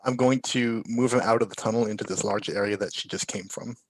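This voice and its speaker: A man playing a tabletop game, describing his character's moves in a relaxed, matter-of-fact way. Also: on the low side, brisk, dry recording, poor audio. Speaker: player.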